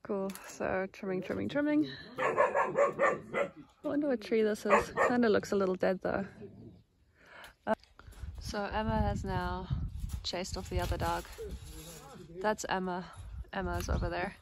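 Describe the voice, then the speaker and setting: A young woman talks slowly and chattily into a handheld phone outdoors, with a gravelly fry in her voice. She laughs often and calls out to her dog. Steady background noise runs under her voice. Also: medium pitch. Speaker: vlogger. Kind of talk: casual vlog narration while filming. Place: outdoors at a rural property with vines. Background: dogs barking.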